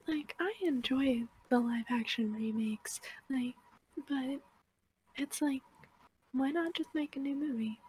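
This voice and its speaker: A woman's voice: high-pitched, takes it slowly, long pauses, breathy edge, poor audio. A woman co-hosting a casual book-club podcast over an online voice call, chatty and full of "like". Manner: chatty, uses "like" often. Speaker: podcast co-host.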